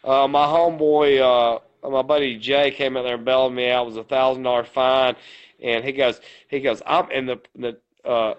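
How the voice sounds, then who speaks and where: A man's voice: mid-range voice, fairly even intonation, normal speed, clean tone, highs cut off. A man, co-hosting a podcast, who tells a long story in a rambling way and quotes every line with "he said, I said.". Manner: rambling retelling with many "he said, I said" quotes. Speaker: podcast co-host. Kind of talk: casual storytelling.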